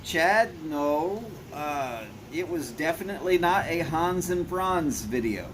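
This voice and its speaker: Slow, blunt-sounding man streaming. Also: a little high, animated, noisy background. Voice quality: tone others hear as angry. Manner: blunt, talks in meandering asides. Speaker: livestream host reading chat. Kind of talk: casual rambling chat.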